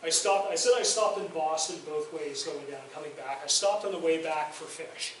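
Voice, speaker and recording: A man's voice: fairly high pitch, normal speed, background noise. A man giving a public lecture in a university lounge, telling chatty, self-deprecating stories about his filmmaking. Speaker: guest lecturer and documentary filmmaker. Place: university faculty lounge, indoors. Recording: very echoey room, voice far from mic.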